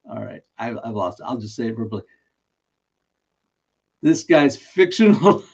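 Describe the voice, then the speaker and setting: Medium-pitched with a darkish tone, this live stream host runs a daily trivia guess in a casual, chatty way, poking fun at himself and frequently breaking into laughter mid-sentence. The recording has dull, lo-fi stream sound.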